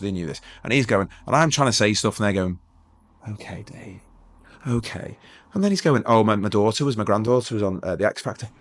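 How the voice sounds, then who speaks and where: A middle-aged man from England with a deep, low voice tells his story at a rapid clip. He rambles, restarts his sentences, and drops jokes into serious moments. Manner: rambling, self-interrupting, joking. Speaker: guest. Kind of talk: storytelling interview.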